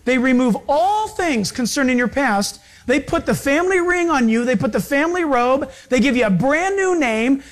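High-voiced male pastor preaching. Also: expressive, moderate pace, hardly any pauses. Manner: preaching with acted-out voices, swings between loud and hushed. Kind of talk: sermon.

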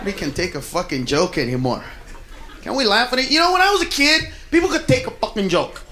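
A man doing a profane, brash stand-up routine on a comedy club stage, often shouting his punchlines. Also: sits high, very animated, a little fast. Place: comedy club stage before a laughing crowd. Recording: echoey club, loud crowd laughter.

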